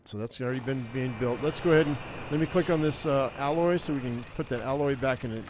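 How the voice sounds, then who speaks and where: A man's voice: medium pitch, fast talker, noisy background. A man giving casual gameplay commentary as a gaming YouTuber, rambling and thinking aloud with lots of fillers and restarts.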